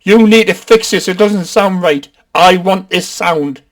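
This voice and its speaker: A man with a Geordie accent putting on a whining, self-pitying male rock star, higher and louder than his own voice. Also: sing-song, brisk. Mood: whiny. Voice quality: whining, high and loud.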